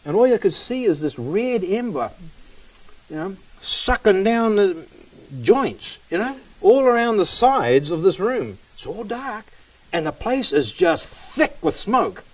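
A man's voice: sits high, very animated, unhurried. A man preaching a sermon, telling stories casually and often dropping "man" and "you know.". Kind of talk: sermon with storytelling. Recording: dull, distant recording.

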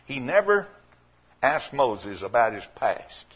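A man preaching a sermon, telling folksy stories and rising to loud, emphatic points. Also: mid-range voice, big pitch swings, takes it slowly, long pauses, slightly rough, dull audio.

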